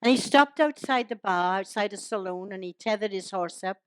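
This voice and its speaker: A woman's voice: medium pitch, moderate pace, clean tone, no echo. An older woman, reciting humorous poems and jokes to a live audience and teasing them along the way. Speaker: comic performer.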